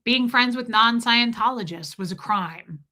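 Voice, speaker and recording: Woman streamer, frank confessional monologue, slightly high, bright tone. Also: unhurried. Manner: confessional, emotional, rambling with restarts. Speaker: livestreamer. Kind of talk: candid personal monologue.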